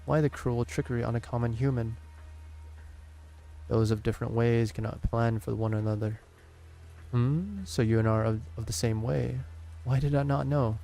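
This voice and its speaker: A man with a gravelly, fry-laden voice reads a game's story dialogue aloud on stream. His tone is dark and mellow, his pitch sits mid-range, and he takes each line slowly, tripping and restarting on words now and then. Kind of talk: dramatic reading of game dialogue.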